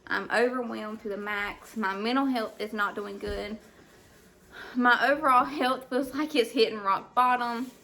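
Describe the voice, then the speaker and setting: A woman in a casual home vlog, her slightly high voice full of vocal fry. She talks hesitantly, full of fillers and restarts, and sounds overwhelmed and emotional, recorded on a camera mic at home. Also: unhurried, pushed and bright. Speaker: stay-at-home mom vlogger. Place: at home indoors.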